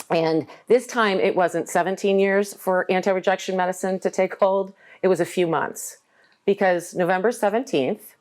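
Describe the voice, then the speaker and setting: A woman in her forties telling a candid, humorous personal story at a live talk. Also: deep voice. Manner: candid, humorous, acts out quoted voices. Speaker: guest speaker.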